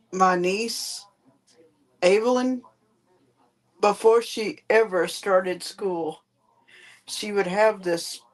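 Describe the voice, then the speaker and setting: Guest woman, lower voice, slow and patient, walks listeners through it step by step. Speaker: panel chat guest. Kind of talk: casual chat.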